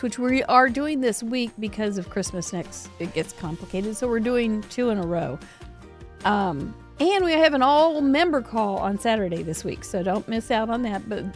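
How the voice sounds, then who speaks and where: A woman hosting a live cardmaking show, chatting casually and rambling with frequent giggles and restarts. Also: medium pitch. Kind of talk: casual livestream chat.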